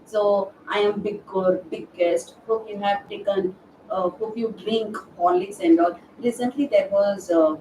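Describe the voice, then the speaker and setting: A verbal aptitude trainer delivers a grammar lesson over a live webinar, her medium-pitched voice warm, steady, and a little slow. She questions the class and supplies the answers herself, hesitant and full of "uh" fillers and restarts, recorded off-mic in an echoey room with faint background noise.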